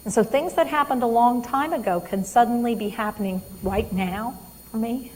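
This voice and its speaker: A woman's voice: a little high, moderate pace, a little mellow, long reverb tail, a little hiss or hum, low-quality recording. A woman trainer giving a live talk on dementia care, emphatic and quizzing her audience.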